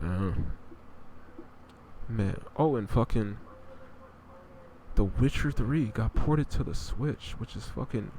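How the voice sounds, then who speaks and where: A man's voice: on the low side, creaky, a little mellow, a little hiss or hum. A young man hosting a podcast, chatting casually about video games in a blunt, profane, rambling way. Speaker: podcast host. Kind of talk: casual gaming chat.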